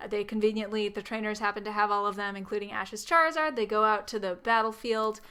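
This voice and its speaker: A woman's voice: mid-range voice, fairly even intonation, quick pace, pushed and bright, smooth. A woman co-hosting a podcast, casually and chattily summarizing a film plot, with frequent ums and playful quoted lines. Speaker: podcast co-host. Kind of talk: casual chat recapping a film.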